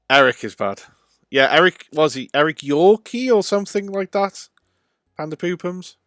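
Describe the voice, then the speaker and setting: A man's voice: fairly high pitch, fairly bright tone, dry recording. Chatty male streamer, dry close sound. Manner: chatty, rambling, with frequent ums and uhs. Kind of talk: casual let's-play livestream commentary.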